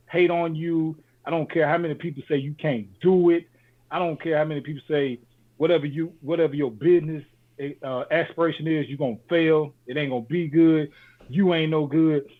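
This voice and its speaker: A man co-hosting a podcast, giving casual motivational talk in loose slang and saying "man" often. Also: a little high. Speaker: podcast co-host. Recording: tinny phone-like sound.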